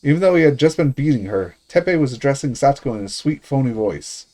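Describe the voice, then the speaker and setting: A man's voice: medium pitch, lively intonation, quick pace, mellow. A male streamer reading a visual novel's narration aloud.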